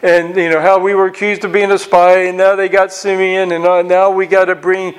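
Bible teacher, man, high voice, lively verse-by-verse teaching with quick restarts. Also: clear, resonant tone. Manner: animated, acts out characters' reactions; frequent restarts and repeated words.

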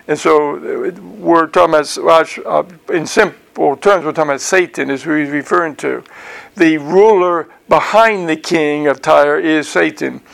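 A man's voice: fairly high pitch, measured pace, vocal fry, fairly bright tone. A man teaching through a Bible passage verse by verse in a conversational way, repeating words and using many fillers.

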